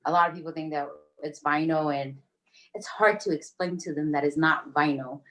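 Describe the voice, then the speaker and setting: A woman's voice: sits low, normal speed, a bit bright. A woman in her thirties from Rhode Island, chatting easily with lots of ums and small laughs as a guest talking about her business. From Rhode Island, USA. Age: 30s. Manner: giggly, easygoing, lots of ums. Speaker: guest, screen-print business owner. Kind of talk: casual interview chat.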